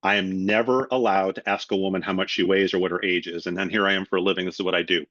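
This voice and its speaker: A man's voice: low voice, steady tone, quick pace, fairly bright tone, dry recording. A middle-aged man giving a webinar sales training and acting out both sides of phone calls. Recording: dry, slightly dull lo-fi audio.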